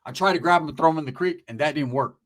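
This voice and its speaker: A man telling a story in casual chat, animated and profane, full of street slang and shouted sound effects. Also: a little high, rapid-fire.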